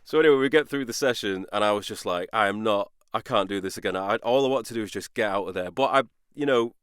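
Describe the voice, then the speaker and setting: A man's voice: lowish voice, quick pace, fairly bright tone, smooth, no room sound, studio quality. A man, a podcast co-host and voice actor, telling a candid personal story in a casual, self-deprecating way. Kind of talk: casual chat, personal anecdote.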